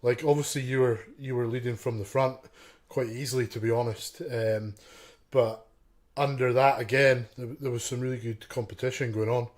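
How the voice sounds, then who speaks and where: A man's voice: medium pitch, steady tone, moderate pace, a little mellow. A man co-hosting a podcast, speaking in easygoing casual chat, chuckling often and restarting with fillers. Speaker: podcast co-host.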